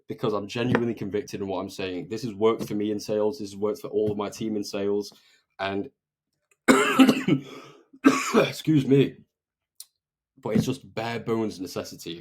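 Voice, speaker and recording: A young man coaches on sales in a fast, emphatic monologue. His voice sits slightly low, and his pitch climbs when he gets excited. He lands point after point with a punchy "okay?". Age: 20s. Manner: energetic, emphatic, often tags "okay?". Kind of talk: motivational talk to camera.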